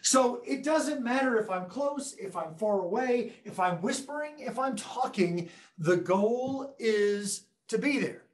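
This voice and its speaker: A fairly high-voiced man gives a lively webinar demonstration from his classroom, cracking jokes and addressing the audience directly. His voice is picked up by conference microphones across the room, so it carries an echoey, roomy sound. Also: measured pace, few pauses. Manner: enthusiastic, joking, talks to viewers directly. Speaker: education technology presenter. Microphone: room conference microphones at a distance.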